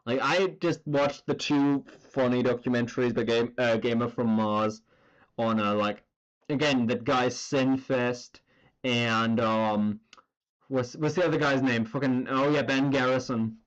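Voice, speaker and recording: A man's voice: medium pitch, steady tone, a little slow, muffled recording. A man casually chatting while he draws on a live stream, rambling with lots of fillers and the odd swear word. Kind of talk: casual chat while drawing.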